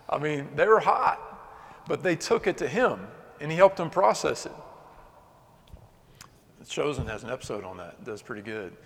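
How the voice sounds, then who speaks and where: A man preaching a sermon with passion, swinging between loud outbursts and hushed, earnest moments. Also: fairly high pitch, big pitch swings, normal speed, gravelly, pauses often. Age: adult. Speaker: pastor. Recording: long hall reverb.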